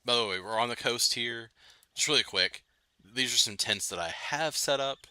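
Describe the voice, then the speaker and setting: A man hosting a late-night gaming livestream, chatting loosely with viewers, full of fillers and quick laughs. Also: mid-range voice, pushed and bright, smooth, dry recording. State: itchy nose. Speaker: livestream host. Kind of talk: casual gaming livestream chat.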